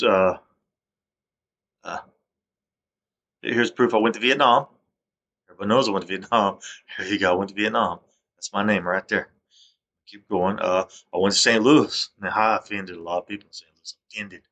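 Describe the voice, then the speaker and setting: This vlogger has a fairly low, bright, forceful voice. In a rambling monologue he recorded himself, he stammers and starts over while airing grievances in an aggrieved, accusatory manner.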